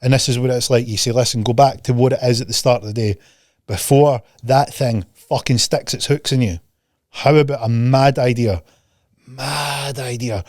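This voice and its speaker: Here the podcast host's voice sounds a little mellow, medium in pitch and at a normal speed. The clean studio recording has no room sound as he rants profanely in casual chat, bluntly mocking people with put-on voices.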